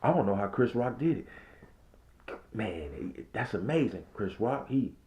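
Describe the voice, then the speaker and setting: A man who works as a restaurant server, telling a story in a casual vlog, swinging between loud and hushed and acting out the quotes. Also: fairly low pitch, sing-song, measured pace.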